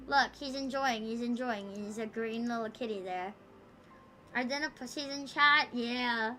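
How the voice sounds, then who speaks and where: Give me a high, bright-voiced woman streamer. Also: measured pace, a little hiss or hum. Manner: rambling, profane and playful, teasing the chat. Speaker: livestreamer. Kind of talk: casual livestream chat with viewers.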